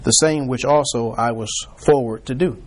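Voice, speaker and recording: A man's voice: mid-range voice, normal speed. A man leading an informal Bible study, talking conversationally with frequent restarts and acting out people's reactions.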